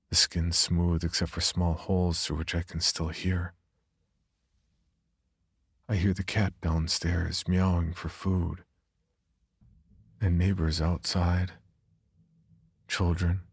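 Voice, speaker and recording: A man narrating a first-person horror story in a subdued, brooding way, with a husky, gravelly voice. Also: deep voice, dry recording, studio quality.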